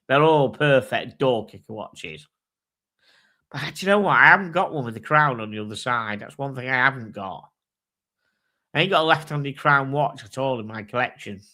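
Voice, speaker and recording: This host's medium-pitched voice is bright and forceful as he leads a casual live chat. Thinking aloud and swearing freely, he reads specs and prices in an easygoing, offhand way.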